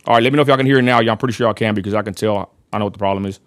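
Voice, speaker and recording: A man's voice: lowish voice, rapid-fire, clear, resonant tone, no echo, studio quality. A man with a West Texan accent hosting a casual livestream, rambling and apologetic, constantly addressing his viewers as y'all. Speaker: livestream host.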